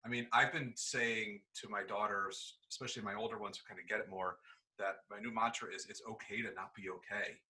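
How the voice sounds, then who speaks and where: A man with a fairly low, very bright and forceful voice, sounding distant from his mic on a video call. He thinks aloud earnestly as he puts a question to the group. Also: fairly even intonation, a little fast. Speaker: educator and father. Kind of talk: casual video-call chat.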